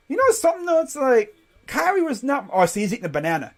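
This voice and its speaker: Man, high voice, casual live play-by-play streamer, jokey rambling asides. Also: fast talker. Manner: jokey, rambling asides between excited calls.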